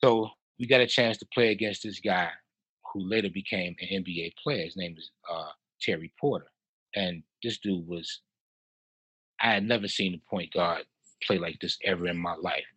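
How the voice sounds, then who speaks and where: A man in his fifties from Chicago, a house music producer telling stories as a podcast guest in a lively way, with frequent laughs and restarts. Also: sits low, normal speed, slightly rough, no room sound, muffled recording. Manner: animated, laughs often, repeats and restarts. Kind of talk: casual storytelling in a podcast interview.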